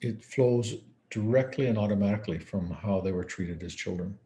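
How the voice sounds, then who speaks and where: A man's voice: fairly low pitch, moderate pace, warm tone. A man speaking as a psychiatrist in a conference lecture, telling case stories in a conversational way. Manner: conversational, storytelling, acts out quoted dialogue.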